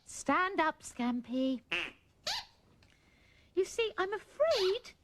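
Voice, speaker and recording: A woman presenting a children's puppet show, gently coaxing and soothing the puppets as if they were small children. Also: extremely high pitch, big pitch swings, extremely slow. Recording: old VHS tape with music and hiss.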